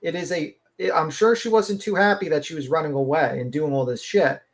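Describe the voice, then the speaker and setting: A man's voice: a little high, brisk. A man giving blunt, profane, rambling commentary as a guest on a live-stream panel.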